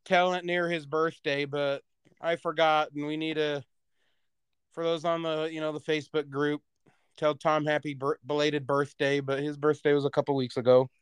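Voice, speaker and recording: Animated higher-voiced man, dry close sound. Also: normal speed, clear, resonant tone, no room sound. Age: adult parent. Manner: animated storyteller, laughs mid-sentence. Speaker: podcast co-host. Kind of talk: casual podcast chat.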